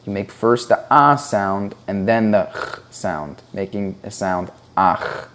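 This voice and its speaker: A man's voice: lowish voice, takes it slowly, a bit bright. A man teaching a Hebrew reading lesson, explaining patiently and sounding out syllables one at a time. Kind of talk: slow, deliberate instructional explanation.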